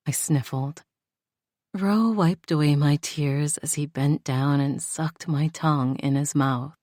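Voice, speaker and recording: A woman narrates a first-person romance audiobook, intimate and heartfelt. Her voice sits low and moves slowly, recorded close and dry. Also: mellow, no room sound.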